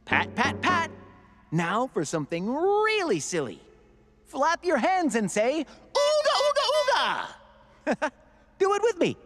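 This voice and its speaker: A man's voice: extremely high pitch, wildly swooping pitch, a little slow, a bit bright, big-room sound, heavily acted. A man voicing a cheerful male cartoon robot helper who eagerly instructs and encourages in a sing-song way. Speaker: robot sidekick. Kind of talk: children's cartoon voice acting.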